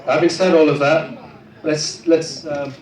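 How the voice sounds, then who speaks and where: A man's voice: a little high, steady tone, measured pace. A tipsy man giving a rambling, crude wedding speech for his brother, full of hesitations and self-deprecating jokes. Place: wedding reception hall with guests. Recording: roomy echo, distant mic, loud crowd.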